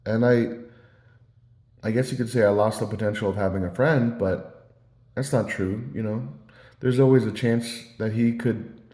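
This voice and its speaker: Man, low and mellow, loose rambling storyteller, echoey room. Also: steady tone, moderate pace, pauses often. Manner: meandering storytelling with many fillers and restarts. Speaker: vlogger. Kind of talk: casual rambling monologue. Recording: roomy echo.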